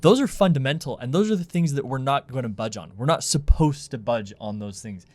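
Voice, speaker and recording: A man's voice: medium pitch, animated, brisk, darkish tone, no echo. Earnest man arguing firmly on a podcast. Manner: earnest, firm, argumentative. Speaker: podcast co-host. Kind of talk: casual podcast chat.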